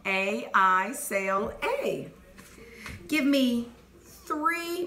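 A woman teacher leading a phonics dictation lesson, clearly sounding out letters and words and praising answers. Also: on the high side, expressive, very slow, long pauses, pushed and bright. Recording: echoey room with faint noise.

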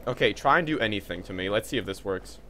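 A man playing a video game and commenting, excitable and swearing, trash-talking the enemies. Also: fairly low pitch, fast talker, slight background noise. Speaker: gaming video host. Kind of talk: let's play commentary.

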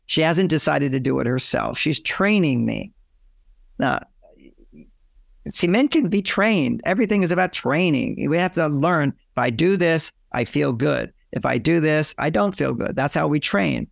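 An older man giving relationship advice through lively personal stories, often acting out both sides of a conversation. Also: on the high side, measured pace, vocal fry, dry recording, clean studio sound. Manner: animated storyteller, acts out dialogue. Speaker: relationship author and guest.

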